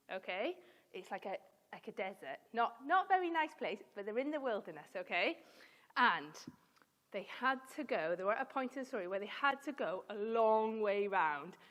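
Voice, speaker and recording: Woman, children's Bible talk, high voice, expressive storytelling, long church reverb. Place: church hall.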